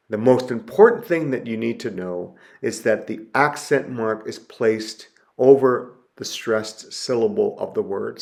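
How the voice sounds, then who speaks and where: A man giving a recorded lecture as a Greek teacher, talking slowly and deliberately and repeating each word to model its pronunciation, with frequent fillers and restarts. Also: fairly low pitch, gravelly.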